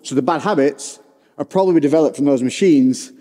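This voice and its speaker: A man's voice: a little high, a little fast, warm tone, in a large hall. A man presenting a gym video, chatting as he describes his own pressing. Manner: chatty, self-narrating. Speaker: fitness presenter. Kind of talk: casual gym vlog talk.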